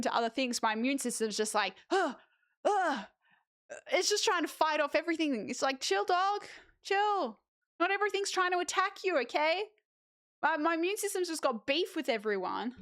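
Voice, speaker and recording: A young Australian woman chatting casually with viewers as a streamer, lively with animated asides. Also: on the high side, clean tone, dry recording, clean studio sound. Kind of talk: casual chat reading viewer messages.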